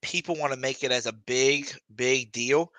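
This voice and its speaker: A man hosting a casual sports talk show, animated and profane, acting out imagined quotes. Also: mid-range voice, moderate pace, no room sound. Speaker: sports podcast host.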